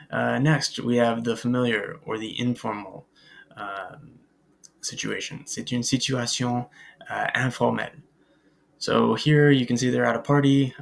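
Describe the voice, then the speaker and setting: A man teaching a beginners' French lesson over slides, patient and filling pauses with "uh" and "um" as he models French phrases. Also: mid-range voice, vocal fry. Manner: patient, many filler "uh"s and "um"s; switches into careful French pronunciation models. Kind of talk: recorded slide lecture.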